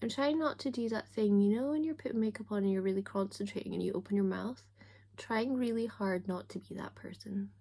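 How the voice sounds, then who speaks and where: A woman's voice: medium pitch, brisk, vocal fry, mellow. Chatty self-mocking woman. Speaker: book vlogger. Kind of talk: casual chat while doing makeup on camera.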